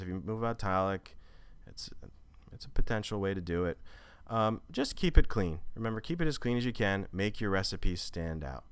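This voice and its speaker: A man with a very low, smooth voice walks through a screen tutorial. He talks loosely and conversationally, trips over his words and corrects himself. The sound is close and dry. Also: dry recording. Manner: relaxed and conversational, with frequent fillers and self-corrections. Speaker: online course instructor. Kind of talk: screen-recorded tutorial walkthrough.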